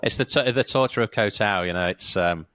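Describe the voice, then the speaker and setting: A male podcast host, telling stories in a relaxed, casual way and swearing now and then. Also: lowish voice, a little fast. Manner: relaxed storyteller, swears casually, says mate. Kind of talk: casual interview chat.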